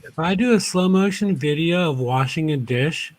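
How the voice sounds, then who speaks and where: Man with a slightly high voice chatting candidly. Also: expressive, moderate pace, no echo. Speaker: panelist. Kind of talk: casual chat.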